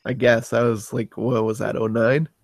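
A man's voice: medium pitch, level tone, moderate pace, gravelly, no echo. Man throwing in dry quips. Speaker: podcast co-host. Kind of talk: casual chat.

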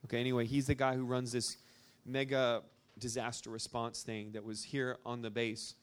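A clear, resonant mid-range voice with a level tone and moderate pace comes from a young Arkansan. Speaking at a church gathering, he tells a rambling, filler-heavy story informally to a live audience.

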